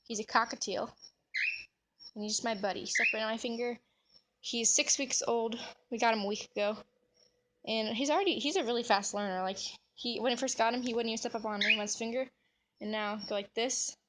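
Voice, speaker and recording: A woman's voice: on the high side, a little fast, heavy background noise. A woman vlogging about her pet cockatiel, chatting casually and cooing to the bird in a sing-song baby voice. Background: cockatiel chirping.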